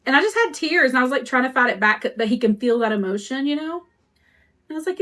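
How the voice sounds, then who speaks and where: A woman's voice: high-pitched, lively intonation, fast talker, a bit bright. A woman hosting a crafting live stream, chatting to viewers in a rambling, conversational way while she works. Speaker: custom cup shop owner hosting a live stream.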